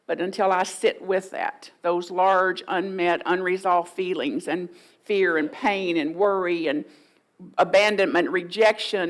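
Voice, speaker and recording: A woman's voice: on the low side, vocal fry, rough recording. A woman pastor giving a folksy, playful sermon in a church, often mimicking voices for humor. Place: church sanctuary.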